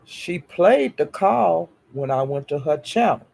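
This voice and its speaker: A man telling a gossipy story in a casual, animated way. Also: a little high, a little slow, gravelly.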